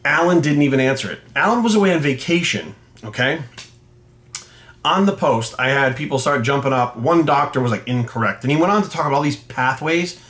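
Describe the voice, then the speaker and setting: A middle-aged man with a slightly raised voice rants to camera as a fitness coach. His talk is blunt and full of swearing, and he keeps it animated as he tells his story. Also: fairly high pitch, brisk. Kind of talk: ranting monologue to camera.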